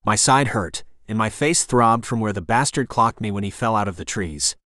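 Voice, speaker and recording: A man reading a first-person fantasy audiobook in a steady, gritty storytelling manner. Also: on the low side, moderate pace, no room sound, studio quality. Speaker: audiobook narrator.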